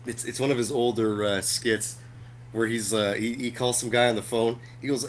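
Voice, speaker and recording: A man's voice: medium pitch, brisk, a little hiss or hum. Male podcast co-host, casual storyteller who laughs mid-sentence. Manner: animated retelling of a comedy skit, laughing along. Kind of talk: casual chat.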